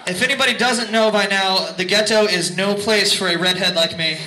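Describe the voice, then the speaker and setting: A man's voice: sits high, a little fast. A man fronting a band, telling a rambling, self-mocking story between songs at a concert, laughing as he goes. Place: concert venue. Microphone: stage vocal mic. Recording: echoey live venue, crowd noise.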